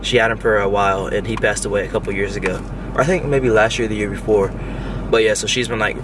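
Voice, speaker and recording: Young man, low voice, casual slangy vlogger; the mic sits far off, with clear street and car noise behind him. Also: fairly even intonation, fast talker. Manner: casual slangy, says y'all and finna a lot. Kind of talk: casual vlog talk to camera. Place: in a car and outdoors.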